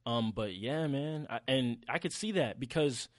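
A young man co-hosting a podcast, talking in an animated, slangy way and swearing freely. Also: medium pitch, normal speed, dry recording. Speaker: podcast co-host. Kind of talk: casual chat.

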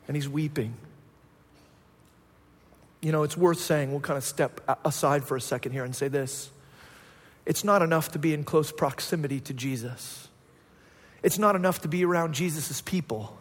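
A pastor delivers a sermon in a notably high voice, his delivery swelling with emphasis and rising to loud peaks. The sound carries a long reverb, as in a large church sanctuary. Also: moderate pace, pauses often, husky.

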